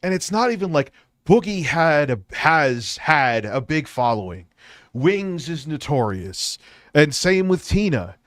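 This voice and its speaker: Man hosting a stream: a bit high, dry close mic, crude talk. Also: very animated, unhurried, fairly bright tone, dry recording. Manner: crude, swearing, rambling. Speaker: livestream host. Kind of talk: casual live stream talk.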